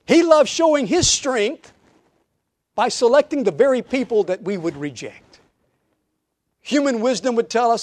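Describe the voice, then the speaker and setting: A man preaching a sermon to his church, emphatic, with rhetorical questions and sudden drops to quiet asides. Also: extremely high pitch, sing-song, unhurried, no room sound. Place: church auditorium.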